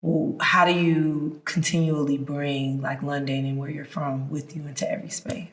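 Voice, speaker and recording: A podcast host asking relaxed, curious questions in a conversational way, with short backchannel replies. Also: medium pitch, moderate pace. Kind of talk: casual interview questions. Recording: echoey room.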